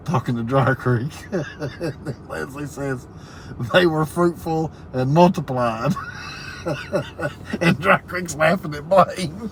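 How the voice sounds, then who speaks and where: A man's voice: medium pitch, slight background noise. Folksy man reading live chat. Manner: reads comments aloud, laughs often, folksy southern phrasing. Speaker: livestream host reading viewer chat. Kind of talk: casual live-stream chat.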